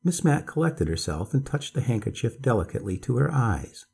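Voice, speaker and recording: A man calmly reading a bedtime story aloud as narrator, in a measured storytelling voice. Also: medium pitch, creaky, slightly rough.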